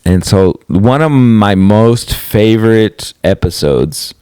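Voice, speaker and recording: A man's voice: on the low side, animated, slow, mellow, smooth, no echo, clean studio sound. Laid-back young man podcast co-host. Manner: laid-back, uses slang like "dude" and "bro". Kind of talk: casual chat.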